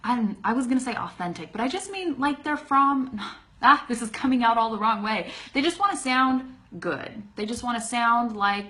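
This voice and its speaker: A woman's voice: on the high side, animated, normal speed, sharp tone. A woman from California with a Californian accent, teaching an English lesson over a live stream from her phone. She talks informally with many fillers and self-corrections, and her voice rises and falls as she stresses certain words. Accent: Californian American English.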